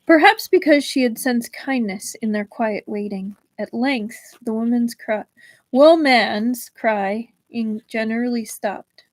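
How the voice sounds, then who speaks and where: A woman with a fairly high voice narrates a novel on a livestream, measured and expressive. The sound is dry and close to the mic, with no room around it. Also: no room sound, rough recording. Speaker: livestream book reader. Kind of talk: reading a novel aloud.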